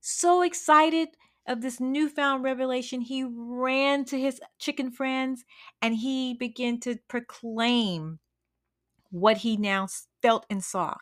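A woman hosting an encouraging podcast, telling a story in an unhurried, dramatic way with frequent restarts. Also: fairly high pitch. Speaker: podcast host. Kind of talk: storytelling devotional talk.

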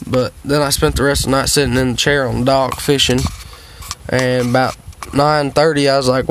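Sitting at home, a worn-out, tired man vlogs a rambling, profane, casual monologue to viewers, drawling through stories full of fillers. He talks fast in a mid-range, fairly bright voice with flat delivery, over slight hiss or hum.

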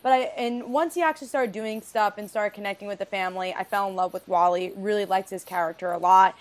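Female podcast guest, upbeat and conversational, mid pitch. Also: fairly even intonation, fast talker. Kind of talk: casual podcast discussion.

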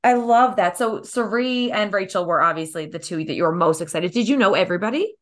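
Woman, podcast host, enthusiastic, supportive, casual interview, mid-pitched voice. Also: animated, fairly quick.

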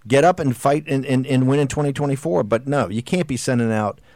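A man's voice: mid-range voice, fairly quick, a little mellow, no echo. A middle-aged man hosting a political talk show, delivering a combative, exhorting monologue that rambles with restarts. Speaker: host.

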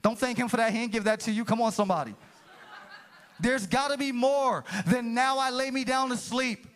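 High-voiced preaching man. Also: normal speed, a bit bright. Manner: impassioned preaching, calls to the room, rising and falling. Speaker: pastor. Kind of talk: sermon. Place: church sanctuary.

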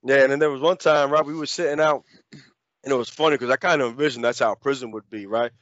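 A man co-hosting a casual podcast, telling stories and acting out the quotes in a lower voice. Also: fairly even intonation, quick pace, a bit bright, no room sound, muffled recording. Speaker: podcast co-host. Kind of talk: casual storytelling chat.

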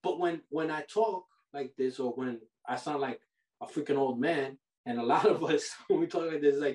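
A man hosting a podcast. He gives money advice in a casual, animated, preachy way, full of slang like "bro" and "yo". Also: on the high side, normal speed, distant mic. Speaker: podcast host. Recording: roomy sound from off the mic.

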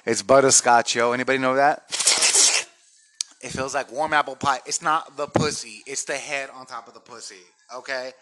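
A man co-hosting a podcast, chatting casually and telling stories in a loud, joking, profane way. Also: mid-range voice, fairly even intonation, moderate pace. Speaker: podcast co-host. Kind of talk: casual crude chat.

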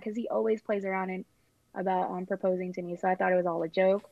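A woman's voice: mid-range voice, steady tone, brisk, no echo. A young woman chatting casually and rambling through her engagement story, with lots of fillers and giggles. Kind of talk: casual chat. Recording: dull lo-fi sound.

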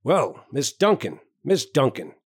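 A man reading a story aloud, voicing a towering, self-important male doctor with a booming, hearty manner. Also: very animated, a little slow, breathy edge, no room sound, clean studio sound. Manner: hearty, booming, bluff joviality.

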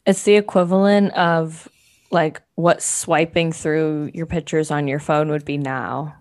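A woman co-hosting a casual podcast, adding quiet joking asides. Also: low voice, steady tone, measured pace. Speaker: podcast co-host. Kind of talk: casual chat.

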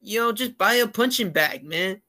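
A man's voice: sits high, lively intonation, moderate pace, pushed and bright. A man telling a rambling story in a casual chat, heavy on fillers.

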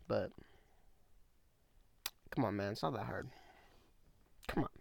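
Young male podcast host, rambling slangy chat, gravelly, dry room. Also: on the low side, takes it slowly, long pauses, no room sound. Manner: rambling, casual slang, says bro. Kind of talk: casual solo podcast chat. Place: small room at home.

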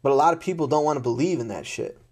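This mid-range male voice is animated and very fast, a little mellow with a breathy edge. In an unscripted rant to camera he sounds frustrated and exasperated, speaking bluntly, cursing often and going over the same points.

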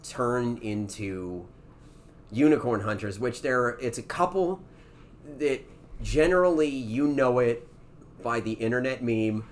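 A man's voice: medium pitch, expressive, unhurried, a little hiss or hum. A man co-hosting a podcast in casual chat, blunt and profane, laughing often and cutting in. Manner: blunt, profane, laughs often, jumps in over the other speaker. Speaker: podcast co-host.

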